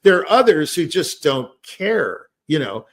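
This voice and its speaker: A man's voice: on the high side, sing-song, unhurried. An older man in casual discussion, telling rambling stories with many fillers and restarts. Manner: rambling, anecdotal, many fillers like "you know". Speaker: podcast host.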